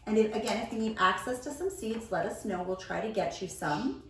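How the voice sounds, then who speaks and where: A young woman teaching preschoolers on video, gently sounding out words slowly and patiently as she plants seeds with a child. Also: mid-range voice, slight background noise. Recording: very echoey room, mic far off.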